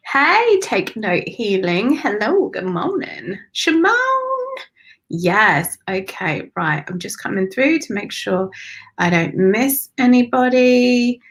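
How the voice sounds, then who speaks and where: Soft-spoken woman doing a live psychic reading, sighs a lot, calls everyone darling, gets emotional. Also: medium pitch, big pitch swings, slow pace, low-quality recording. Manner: soft, affectionate, drifts into whispers; emotional, breathy sighs and gushing warmth. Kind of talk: live-streamed channelled readings.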